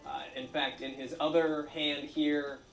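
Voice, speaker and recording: Deadpan guy narrating a craft vid, kinda high voice, echoey room, faint music. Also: measured pace. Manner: deadpan, with frequent uh fillers. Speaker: craft video creator. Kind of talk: dry comedic narration.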